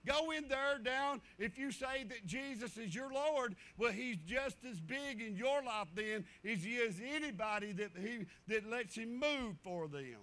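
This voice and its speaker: A man's voice: very high-pitched, animated, unhurried, hardly any pauses, bright, forceful tone. A middle-aged man preaching a sermon in a folksy way, repeating himself and acting out stories.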